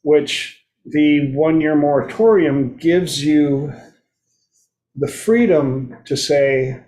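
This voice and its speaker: A man's voice: a little high, extremely slow, a little mellow. A man hosting his own talk show, speaking in a loose, playful monologue and acting out quoted voices now and then. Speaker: host. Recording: roomy echo.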